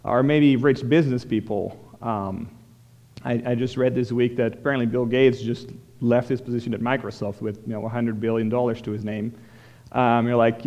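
A man's voice: mid-range voice, fairly even intonation, moderate pace, a little mellow. A man preaching a sermon, explaining a scripture passage verse by verse in a plain, conversational way with frequent restarts. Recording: long hall reverb.

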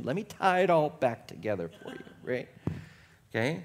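A man's voice: medium pitch, very animated, moderate pace, vocal fry. A male pastor preaching a sermon in a conversational, self-deprecating way, using playful repetition and humor. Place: church sanctuary.

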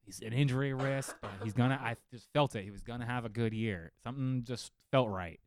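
A man co-hosting a casual fantasy football podcast, telling stories in a lively, profane way from a home studio. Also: mid-range voice, fairly quick, noisy background. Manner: animated, profane storytelling. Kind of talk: casual chat. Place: home studio living room.

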